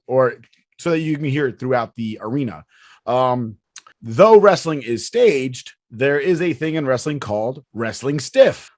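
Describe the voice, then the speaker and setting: A man in a middle pitch, chatting loosely on a podcast, swearing freely and laughing along with his own stories. His voice is recorded up close and dry, with no room sound around it. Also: no room sound. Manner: rambling, profane, laughs often. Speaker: podcast host. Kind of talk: casual podcast chat.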